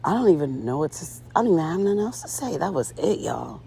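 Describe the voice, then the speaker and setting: A woman's voice: lowish voice, big pitch swings, fast, vocal fry, mellow, slight background noise. A woman recapping a reality show in casual commentary, sassy and chatty with lots of fillers, talking to her viewers as girl and ladies.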